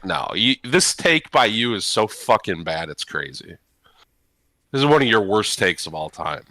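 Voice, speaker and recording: A man in casual podcast chat, ranting with heavy profanity. His low voice swings widely in pitch and has a bright, forceful edge. The sound is dry and close. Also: sing-song, normal speed, no echo. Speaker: podcast co-host.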